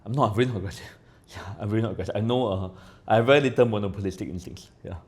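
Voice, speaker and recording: Talking very fast in a fairly low voice, this podcast guest rambles through casual conversation. He curses often, constantly tacks on "right?", and shifts between loud and soft.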